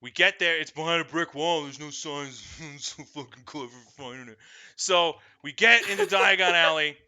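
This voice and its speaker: A man telling comedic stories in a profane, animated way, breaking into shrill shouted impressions. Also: normal speed, clear, resonant tone. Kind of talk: comedic storytelling.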